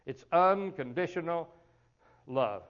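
A man's voice: on the high side, animated, takes it slowly. A man, preaching in a folksy storytelling way, chuckling often and repeating words as he talks. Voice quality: colloquial, chuckling, repeats words at the start of phrases. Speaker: pastor. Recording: dull lo-fi recording.

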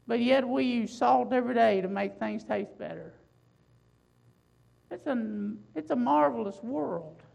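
A woman preaching a sermon, building emphasis with loud swells and slow, drawn-out phrases. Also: a little high, creaky, highs cut off.

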